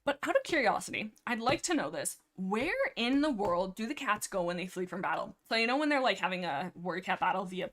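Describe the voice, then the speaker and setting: A woman's voice: mid-range voice, animated, fairly quick, hardly any pauses, fairly bright tone. A young woman hosting a livestream, chatting casually about books she loves and acting out lines with playful over-the-top drama. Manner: chatty, giggly, acts out dialogue with exaggerated drama. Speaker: livestream host discussing a book series. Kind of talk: casual rambling book chat.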